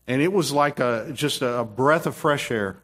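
A man's voice: medium pitch, moderate pace, fairly bright tone. A middle-aged man preaching a sermon with emphatic, repetitive phrasing and frequent restarts. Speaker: pastor.

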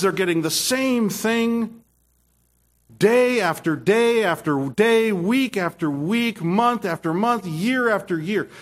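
Slow, emphatic male preacher. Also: fairly high pitch. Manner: emphatic, repetitive, with many restarts. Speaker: pastor. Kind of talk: sermon.

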